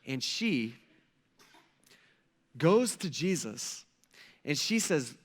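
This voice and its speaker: A man's voice: fairly high pitch, extremely slow, pauses often. A male pastor preaching a casual, conversational sermon, telling stories and acting out quotes. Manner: casual, animated storytelling with acted-out quotes.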